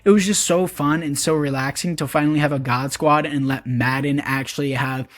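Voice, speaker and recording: Young man, casual game commentary, chatty, upbeat, slightly high voice, dry close mic. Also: fairly even intonation, brisk, no echo. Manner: chatty, upbeat, addresses viewers as boys. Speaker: gaming YouTuber.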